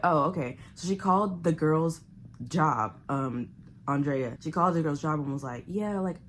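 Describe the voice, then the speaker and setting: A woman casually recapping a book to camera, animated and chatty. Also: sits low, normal speed, a little hiss or hum. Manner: chatty, animated retelling with loud quoted outbursts. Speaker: book vlogger.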